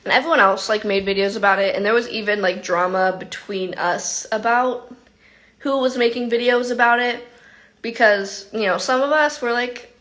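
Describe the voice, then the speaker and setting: A woman hosting a casual phone livestream, telling stories in an animated way and saying "like" and "literally" a lot. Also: fairly high pitch, moderate pace. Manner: animated storytelling, heavy use of "like" and "literally". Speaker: vlogger hosting an Instagram live.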